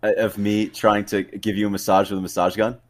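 A man's voice: lowish voice, little pitch movement, fairly quick. A man chatting as a podcast guest, joking around and cursing. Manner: joking, laughing, profane. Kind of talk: casual chat.

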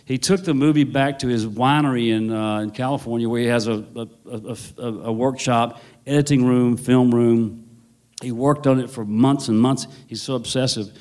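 A man's voice: medium pitch, steady tone, moderate pace, darkish tone. A male novelist, telling a rambling, wry story full of restarts. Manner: rambling, self-correcting, wry. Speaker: novelist guest. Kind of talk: anecdotal storytelling.

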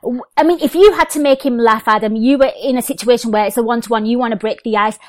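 A woman's voice: on the high side, quick pace, hardly any pauses, darkish tone, no room sound. Young female podcast host, upbeat and rambling, dry close recording. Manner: enthusiastic, chatty, long rambling questions. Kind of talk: casual interview chat.

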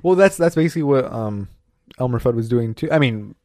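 Seorang pria muda yang mengobrol santai sebagai pembawa acara, sering bercanda dan tertawa. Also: male voice, medium pitch, animated, a little mellow, dry recording, clean studio sound. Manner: joking, quick asides, laughs often. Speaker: podcast co-host. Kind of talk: casual chat.

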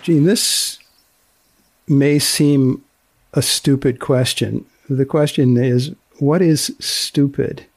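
A man's voice: medium pitch, steady tone, takes it slowly, a little mellow, slight background noise. A man hosting a podcast, prompting his guest with brief, dry questions. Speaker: podcast host. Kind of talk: podcast interview.

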